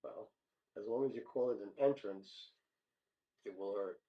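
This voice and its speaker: A man hosting a joke show, reading listener jokes aloud with small stumbles and quick voice changes for the characters. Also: fairly low pitch. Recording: dull lo-fi sound.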